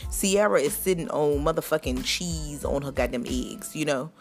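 Brief: woman host, lowish voice, swears freely, heated news-chat delivery, faint music under it. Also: moderate pace. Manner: profane, fired-up commentary. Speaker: podcast host.

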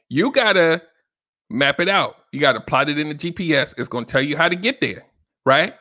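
A man's voice: a little high, animated, normal speed, long pauses, sharp tone, no room sound, clean studio sound. A man hosting a solo relationship-advice podcast, talking casually and directly to listeners, often checking in with "right?". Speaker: podcast host.

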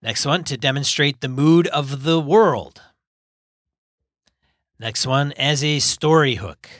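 A man's voice: on the high side, slow, a bit bright, dry recording, clean studio sound. A man co-hosting a podcast, chatting casually and joking. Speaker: podcast co-host. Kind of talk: casual chat.

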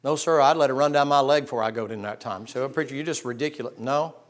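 Middle-aged pastor, folksy storyteller, acts out voices, hushed then loud. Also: male voice, medium pitch, fast. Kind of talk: sermon.

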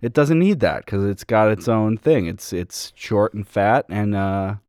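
A man's voice: on the low side, measured pace, darkish tone, smooth, no echo, studio quality. A young man co-hosting a casual chat, rambling and hesitant with lots of fillers. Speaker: podcast co-host.

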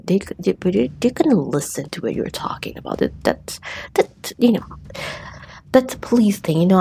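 Woman, low gravelly voice, rambling casual true-crime storyteller. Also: warm tone. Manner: rambling, many restarts and fillers, acts out quotes.

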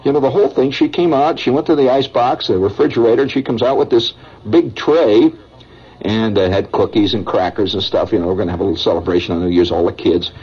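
A man's voice: fairly low pitch, quick pace, slightly rough. A middle-aged man hosting a radio show, telling a rambling story in a folksy, conversational way, with chuckles and asides to listeners. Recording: dull vintage radio broadcast.

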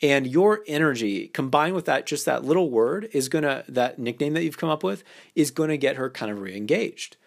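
A dating coach hosts a podcast, giving instruction in loose, casual phrasing full of fillers and acting out playful example lines. His voice is mid-range and gravelly, with lively intonation and a moderate pace.

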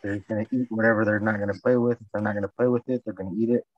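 A man's voice: fairly low pitch, steady tone, very fast, no room sound. A man talking casually in a loose, repetitive way, swearing often. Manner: repetitive, profane, loose talk. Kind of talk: casual chat. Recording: dull, lo-fi, dry recording.

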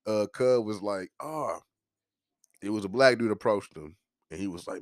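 A man's voice: lowish voice, moderate pace, no echo, clean studio sound. A man hosting a podcast, ranting in a heated, profane and joking way. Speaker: podcast host. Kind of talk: casual podcast rant.

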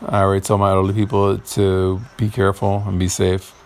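A man's voice: sits low, monotone, brisk, a little mellow. Rambling, cursing man in a garage. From Puerto Rican heritage. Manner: rambling, profane, gets heated. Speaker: podcast host. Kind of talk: casual monologue.

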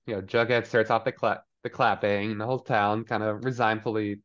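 A man's voice: lowish voice, little pitch movement, fairly quick, fairly bright tone. A man co-hosting a podcast, recapping a TV episode in casual chat, full of fillers. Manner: chatty, filler-heavy, throws in voices for characters. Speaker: podcast co-host. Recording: dull lo-fi audio.

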